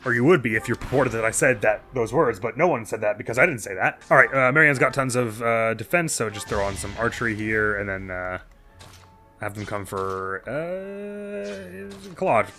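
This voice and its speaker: A man's voice: medium pitch, a little fast, sharp tone, soft background music. A man casually commenting on his own video game as a let's play host, thinking aloud with chatty, self-mocking asides.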